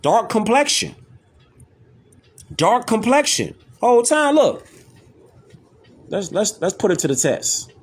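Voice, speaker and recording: A man's voice: high-pitched, sing-song, takes it slowly, pauses often, slightly rough. A man hosting, giving emphatic commentary over images and clips, repeating himself to drive points home. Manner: insistent, repetitive, keeps asking "see that?".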